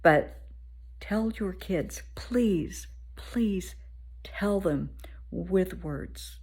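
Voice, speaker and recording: A woman in her fifties, a therapist, telling an everyday story to camera in an animated, earnest way. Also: fairly low pitch, extremely slow, slightly rough. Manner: animated, warm-hearted storyteller.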